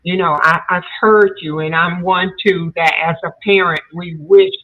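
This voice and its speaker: A woman's voice: on the low side, steady tone, normal speed. A woman hosting an interview show, speaking in an earnest, reflective way. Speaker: host. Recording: tinny phone-like line.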